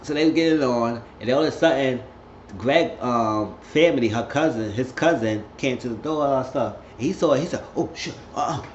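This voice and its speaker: Animated guy rambling through a show recap, roomy echo, faint hum behind. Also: mid-range voice, fairly quick. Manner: rambling, animated, jumps into character voices. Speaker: vlogger recapping a TV episode. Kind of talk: casual chat. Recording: roomy lo-fi home recording.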